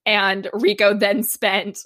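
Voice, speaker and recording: A woman's voice: medium pitch, little pitch movement, slow, bright, forceful tone. A woman co-hosting a podcast, recapping a TV episode in casual chat and laughing often. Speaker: podcast co-host.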